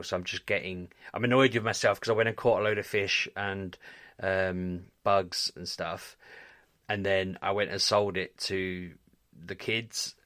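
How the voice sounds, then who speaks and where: A podcast co-host talking in a loose, rambling and self-mocking way, often circling back to restart his sentences. His voice sits fairly low, and the sound is dry and close with no room echo. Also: a bit bright. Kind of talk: casual chat.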